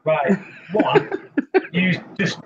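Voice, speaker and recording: Man, higher voice, lively, chatty, faint hiss. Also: drawn-out words. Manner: chatty, repeats himself, explains step by step. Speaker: reef-keeping show host. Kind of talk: casual live-stream chat, demonstrating. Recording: slightly muffled live-stream audio, faint hiss.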